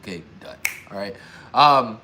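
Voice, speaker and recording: A man co-hosting a casual morning livestream, joking and getting loud and animated when excited. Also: fairly low pitch, a little slow, background noise.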